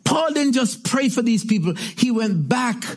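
A middle-aged male pastor preaching a sermon, emphatic, with repeated refrains and shouted exclamations. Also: extremely high pitch, lively intonation, a little slow.

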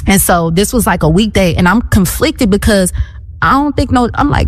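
A woman in her thirties telling her faith story in an interview, animated and acting out what people said. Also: mid-range voice, moderate pace, big-room sound, faint music behind. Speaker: guest. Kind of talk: testimony in a conversational interview.

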